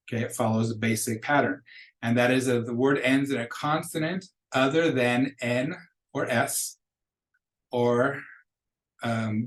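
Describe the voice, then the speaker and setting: A man teaching a beginning Spanish lesson, patiently explaining rules and modeling each word slowly before repeating it. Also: medium pitch, poor audio. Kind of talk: recorded classroom lecture.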